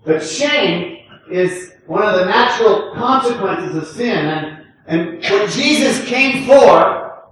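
A man's voice: high-pitched, expressive, slow, fairly bright tone. Grandfatherly preacher in an echoey church. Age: older. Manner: conversational preaching with frequent "right?" and chuckles. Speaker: pastor. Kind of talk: sermon. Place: church sanctuary. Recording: echoey room, distant from the mic.

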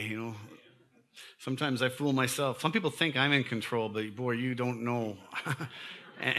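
Bright-voiced jovial pastor. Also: male voice, medium pitch. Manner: chatty and jokey with the congregation, laughs often. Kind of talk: leading a church service. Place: church sanctuary.

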